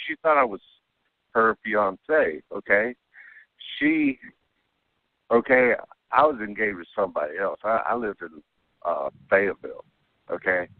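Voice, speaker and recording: A man with a very deep voice tells a long personal story in a casual, rambling way, tagging lines with "okay?". He comes through a narrow, tinny phone line. The sound is dry and close. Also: big pitch swings, unhurried, long pauses, dry recording. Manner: rambling, keeps adding "okay?". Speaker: caller telling an alien abduction story.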